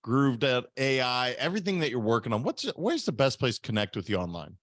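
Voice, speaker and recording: A man's voice: medium pitch, sing-song, fairly quick, fairly bright tone. A man hosting a podcast, talking in a friendly, casual way with his guest. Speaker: podcast host. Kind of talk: casual interview talk.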